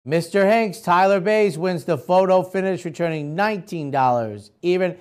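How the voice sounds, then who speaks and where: Man, racing show host, results recap, casual and chatty, higher voice. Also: normal speed, clean tone. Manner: casual, chatty, addresses the audience directly.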